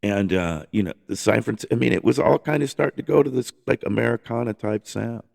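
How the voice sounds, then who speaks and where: A man's voice: mid-range voice, fairly quick, vocal fry, a little mellow. A man hosting a casual music podcast, rambling enthusiastically with lots of restarts and the odd swear. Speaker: podcast host.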